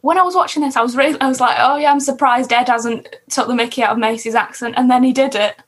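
A young woman co-hosting a podcast, chatty and quick as she recaps an episode with laughs. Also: a little high, steady tone, fairly bright tone, slightly rough. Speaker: podcast co-host. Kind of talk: casual chat.

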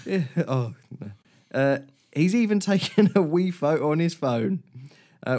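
A man's voice: fairly high pitch, expressive, measured pace, warm tone. A man co-hosting a casual comedy podcast, reading odd news stories aloud and often breaking into laughter. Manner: giggly, reads quotes with a chuckle. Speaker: podcast co-host.

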